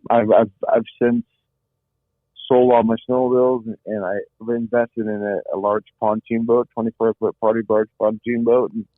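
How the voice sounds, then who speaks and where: Flat in delivery and mid-range in pitch, a middle-aged male guest talks at normal speed about surviving an ordeal. He's earnest, repeating words often as he reaches for them, and the audio is dry and tinny like a phone, with no room sound.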